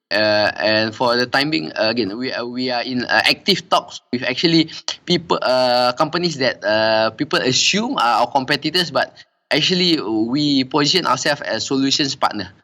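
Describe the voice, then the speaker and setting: A man's voice: medium pitch, normal speed, bright, forceful tone. A middle-aged man, a company director interviewed as a guest, who talks hesitantly with many fillers and repeated "and all" tags. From Singapore. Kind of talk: casual interview conversation.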